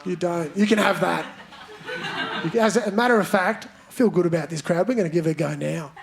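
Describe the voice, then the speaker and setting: Speaking a little fast in a high, gravelly voice, a man performs stand-up in a large theatre, playfully bantering with audience members and leading chants. The live recording captures crowd noise and laughter.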